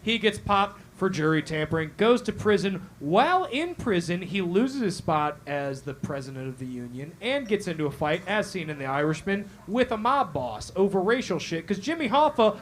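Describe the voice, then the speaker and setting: High voiced guy hosting a comedy crime show live in a cafe, loud and swearing, super animated. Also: moderate pace, hardly any pauses, slight background noise. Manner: loud, animated, swearing, asking "all right?" again and again. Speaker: host. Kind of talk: comedic true-crime storytelling to a live crowd. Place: café stage before a live audience.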